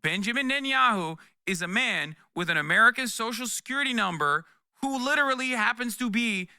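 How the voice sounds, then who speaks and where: A man's voice: very high-pitched, animated, pushed and bright, clear, resonant tone, no echo, studio quality. A man in his thirties streaming heated political commentary, ranting in a profane, exasperated way and tacking "okay?" onto his points. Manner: profane, exasperated, rapid rants with repeated "okay?". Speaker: streamer reacting to news.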